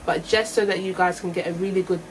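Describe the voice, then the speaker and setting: A woman's voice: on the low side, steady tone, fast talker, poor audio. A young woman chatting through a makeup review vlog, thinking aloud and correcting herself as she goes. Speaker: beauty vlogger.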